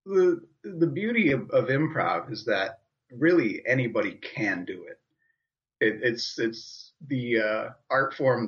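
A man's voice: medium pitch, a bit bright. A man joins a podcast as a guest who does improv, friendly and explaining in stops and restarts. His sound is slightly dull and lo-fi. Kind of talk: casual chat.

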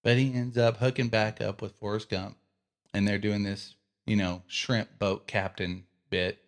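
A low-pitched man with a Texan accent talks through a movie story in a relaxed podcast chat. He sounds easygoing and animated, and he reflects on faith between the story beats. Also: a little slow. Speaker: podcast co-host.

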